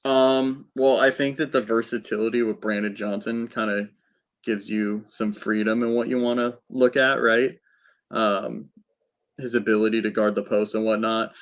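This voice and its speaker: A man in a casual sports chat, measured and a bit hesitant. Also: lowish voice, fairly even intonation.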